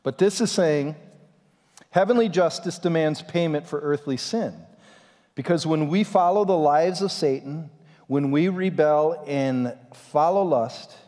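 A man preaching a sermon as pastor, in an animated and dramatic way, in a church sanctuary. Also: fairly high pitch, a little slow. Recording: long reverb in a church hall.

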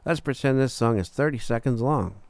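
Gravelly, dry-voiced man explaining software. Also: brisk, no echo. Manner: relaxed, talks through steps as he clicks, frequent "uh" and "boom". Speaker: recording engineer teaching software. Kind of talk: screen-recorded software tutorial.

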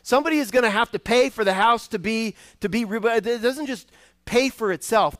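A man's voice: extremely high pitch, a little fast, fairly bright tone, no echo. A man, a guest preacher in a church, giving a conversational sermon with frequent restarts and acted-out voices from a parable. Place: church sanctuary.

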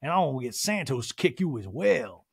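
A man voicing a dramatic woman reality star who talks in a theatrical, drawn-out way. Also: mid-range voice, sing-song, creaky, husky, no echo, clean studio sound, heavily acted.

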